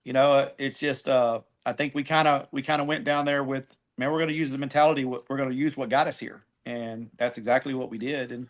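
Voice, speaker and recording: A middle-aged man, a barbecue cook telling a story on a podcast in a casual, animated way, acting out phone calls. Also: mid-range voice, a little fast, hardly any pauses. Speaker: guest, barbecue team cook.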